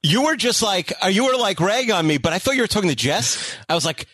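A man co-hosting a podcast, telling a story in an excited, rambling way full of "like". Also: high-pitched, fast talker, dry recording. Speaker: podcast co-host. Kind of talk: casual podcast chat.

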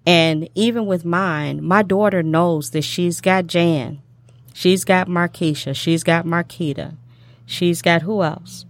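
A low-pitched middle-aged woman hosts a talk show in an unhurried, heartfelt way. She repeats her phrases and fills the gaps with "you know" and "um". The sound is dry and close. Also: fairly even intonation, no echo. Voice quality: emotional, tongue-tied at times. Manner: warm repetitive speech with many fillers. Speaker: show host.

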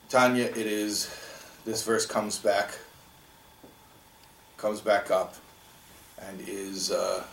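A man's voice: fairly low pitch, creaky, echoey room, distant mic, slight background noise, rough recording. A man teaching a classroom lesson on a religious text, talking conversationally and asking his students rhetorical questions.

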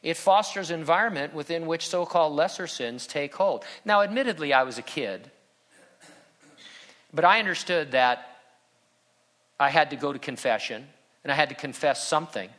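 A man's voice: on the high side, moderate pace, long pauses. A middle-aged man preaching a sermon as pastor, conversational and humorous, with emphatic turns. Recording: bright voice in a hall with long reverb.

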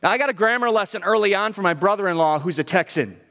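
Man, middle-aged pastor, sermon, high voice, emphatic, rhetorical questions, long reverb. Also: expressive, quick pace, vocal fry, bright, forceful tone. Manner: emphatic preaching with humor, rhetorical questions to the congregation. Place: church sanctuary.

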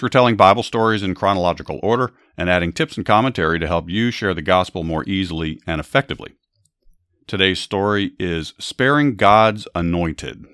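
Deep-voiced man narrating Bible stories. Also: a bit bright, no echo, studio quality. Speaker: podcast host. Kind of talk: Bible story narration with commentary.

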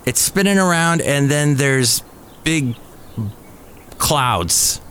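A man's voice: on the high side, lively intonation, very slow, a bit bright, slight background noise. A man hosting a podcast, talking through the week's news in a casual, conversational way. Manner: chatty, conversational storytelling. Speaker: podcast host. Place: cafe.

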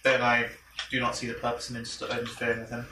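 A man's voice: mid-range voice, completely flat delivery, fast talker. A man chats casually at a tabletop game and cracks wry jokes. He is heard from some distance. The room is echoey and noisy. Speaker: player. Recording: echoey room, far from mic, noise.

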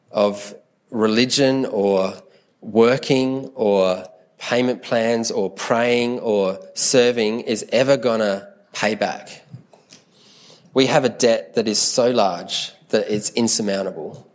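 A man preaching a sermon in an earnest, conversational way, often repeating words as he thinks aloud. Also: on the low side.

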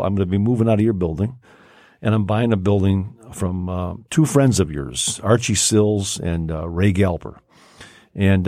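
A man's voice: deep voice, dark tone, no room sound, studio quality. An older man, telling a long personal story in casual conversation, rambling with many fillers and restarts. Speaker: podcast guest.

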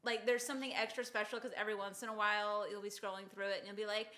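A woman's voice: medium pitch, flat delivery, racing, pushed and bright. A woman musician guest chatting in an interview, bubbly and laughing as she runs on with "like". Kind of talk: casual interview chat.

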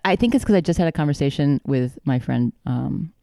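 A woman's voice: deep voice, animated, brisk, gravelly, mellow, no echo, studio quality. Giggly woman reading her draft. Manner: giggly, reads in first person. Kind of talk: reading aloud and casual chat. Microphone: video call.

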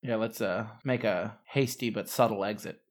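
A man playing a tabletop game, excitable and prone to swearing at the dice. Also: fairly low pitch, normal speed. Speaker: player.

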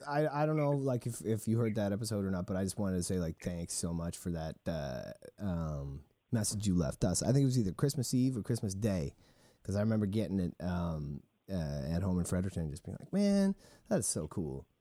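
A man's voice: deep voice, expressive, brisk, dark tone, no echo. A man co-hosting a podcast, talking hesitantly and laughing often. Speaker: podcast co-host. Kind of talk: casual chat.

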